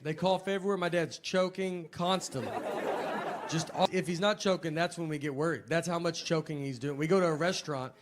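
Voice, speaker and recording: A man with a Tennessee accent telling stand-up stories in a deadpan, understated drawl with frequent filler words. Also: fairly high pitch, a little fast, over a noisy crowd, heavy background noise. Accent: Southern US, Tennessee. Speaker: stand-up comedian. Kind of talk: stand-up comedy storytelling.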